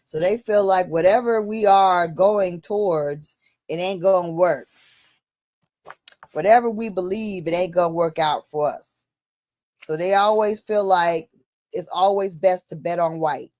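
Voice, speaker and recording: A woman in a casual discussion, telling a story in an animated way and acting out the dialogue. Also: fairly low pitch, unhurried, no echo, studio quality.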